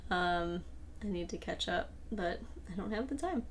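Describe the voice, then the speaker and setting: A woman's voice: on the low side, lively intonation, normal speed, slight background noise. A woman hosting a casual livestream Q&A, reading out audience questions in an easygoing way. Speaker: host and creator of the audio drama.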